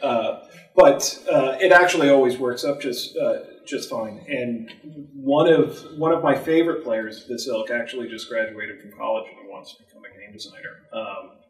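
A man's voice: mid-range voice, moderate pace. An older man, a longtime game master, talking in a rambling, self-deprecating way with many fillers on a convention panel. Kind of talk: casual panel talk. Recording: roomy, from far off the mic.

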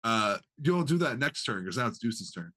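Lively guy running a tabletop game, voice jumps all over, explaining rules and narrating the monster. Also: mid-range voice, normal speed. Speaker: game master.

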